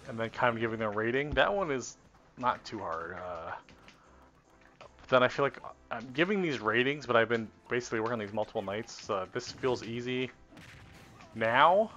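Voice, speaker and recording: A man's voice: medium pitch, animated, moderate pace, pushed and bright. Rambling man streaming combo practice. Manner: rambling, self-correcting, talks to himself while testing. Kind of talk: casual live-stream commentary while playing. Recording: dull lo-fi stream audio with faint game music. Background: faint game music.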